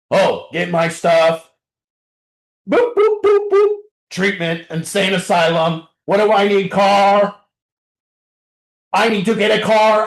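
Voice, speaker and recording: A man addresses a recovery group in a raw, confessional talk, blunt and full of swearing, sinking to near-murmurs and then shouting. His voice sits high for a man. The sound rings around a roomy, echoing meeting room. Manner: blunt and profane, swinging from quiet to shouting. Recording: roomy echo.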